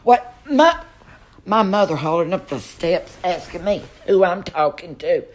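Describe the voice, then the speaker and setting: Stuck at home during lockdown, a male vlogger tells campy, chatty stories to the camera and swears freely. His voice sits high, animated, at a moderate pace.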